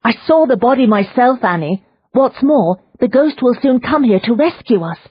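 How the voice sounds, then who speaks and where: A woman reading an audiobook voices a calm, determined young Victorian heroine who speaks gently but firmly. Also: fairly high pitch, normal speed, slightly rough, highs cut off, pitched above the performer's own voice. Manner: gentle but firm, soothing. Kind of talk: audiobook character voice.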